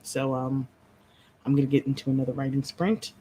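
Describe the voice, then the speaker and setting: A woman hosting a writing-sprint livestream, talking casually with a low, somewhat monotone voice and playfully dramatic banter. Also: fairly quick, slight background noise, low-quality recording. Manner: playfully dramatic, teasing banter with chat and partner.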